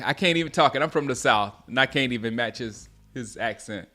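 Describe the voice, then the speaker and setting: Excitable man calling plays, bright voice. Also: mid-range voice, brisk, faint music behind. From South Carolina. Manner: excitable, reacts loudly to plays; chatty, answers viewers by name. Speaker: host. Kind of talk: live game watch-along commentary.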